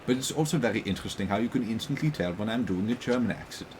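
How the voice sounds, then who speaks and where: A man's voice: fairly low pitch, animated, quick pace, a little mellow, a little hiss or hum. A man chatting casually while playing a game, rambling and joking with plenty of fillers. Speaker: co-host gaming commentator. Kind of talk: casual gameplay chat.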